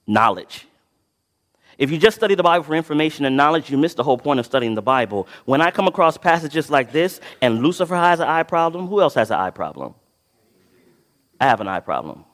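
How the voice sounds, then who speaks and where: A preacher delivering a sermon who reads scripture with dramatic swells and drops in volume and keeps asking the congregation to fill in the next word. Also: male voice, on the high side, big pitch swings, brisk, a bit bright. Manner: asks the congregation to fill in words, then answers himself. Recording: long reverb of a large hall.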